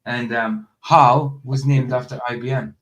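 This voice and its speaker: A man's voice: medium pitch, steady tone, a little slow, fairly bright tone. A man hosting a casual chat over a remote call, laughing often and stumbling over his words. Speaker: host.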